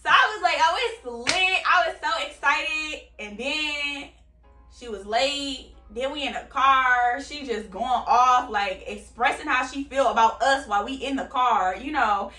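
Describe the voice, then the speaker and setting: A woman's voice: sits high, a little slow, bright, forceful tone, distant mic. A young woman vlogger telling a candid, casual story and swearing freely. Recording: roomy, off-mic, faint music.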